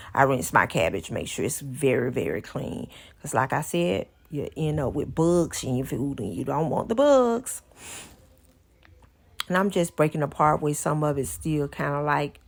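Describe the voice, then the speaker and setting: A woman's voice: deep voice, vocal fry. A woman hosting a cooking channel, giving chatty, homey step-by-step instructions in a casual voice-over.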